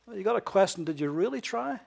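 High-voiced emphatic male preacher. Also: animated, quick pace, creaky, husky. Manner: emphatic, with rhetorical questions and swings between loud and hushed. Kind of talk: sermon.

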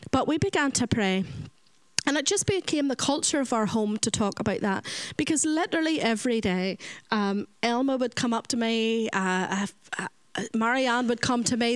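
Sharing her personal faith testimony, a Northern Irish woman who runs a children's home speaks earnestly and voices the characters in her story. She has a fairly high pitch with lively intonation at normal speed, in a dry, low-quality recording.

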